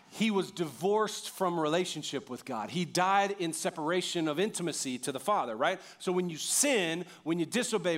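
A man's voice: on the high side, a bit bright. A pastor preaching a conversational sermon, asking the congregation questions and often repeating words as he goes. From United States.

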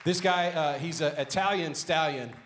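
A man's voice: fairly high pitch, moderate pace, a little hiss or hum. Cajun male pastor, upbeat announcements voice, rallying the room. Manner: loud, rallying the congregation. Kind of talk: energetic church announcements.

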